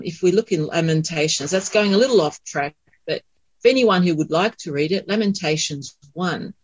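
Man, Bible study panelist, husky and dry, reflective explainer. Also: high voice, no echo, low-quality recording. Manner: reflective, explains and quotes scripture. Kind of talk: group Bible study discussion.

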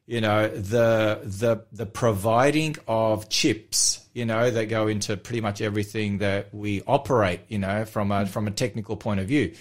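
A man's voice: fairly low pitch, fairly even intonation, normal speed, few pauses. A man co-hosting a radio show as a church pastor. He chats casually, rambling with many fillers and false starts. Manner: rambling, hesitant, self-deprecating.

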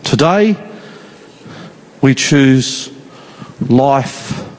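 A man preaching a sermon in an earnest, pleading, slow and emphatic way. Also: mid-range voice, expressive. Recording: long reverb of a large hall.

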